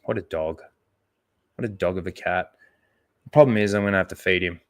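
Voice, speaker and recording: A man's voice: low-pitched, brisk. A man hosting a livestream in casual chat, swearing freely and rambling as he stalls for time. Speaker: livestream host.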